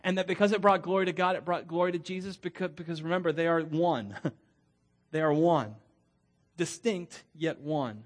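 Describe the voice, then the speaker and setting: A middle-aged man, a pastor preaching a sermon in a conversational, self-deprecating way with frequent laughs. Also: fairly high pitch.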